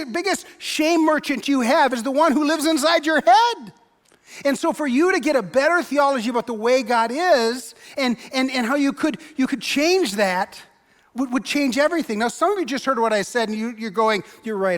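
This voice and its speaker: A pastor giving a sermon in a church, conversational and wry, with emphatic turns. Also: male voice, very high-pitched, fairly bright tone. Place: church sanctuary. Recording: long reverb of a large church hall.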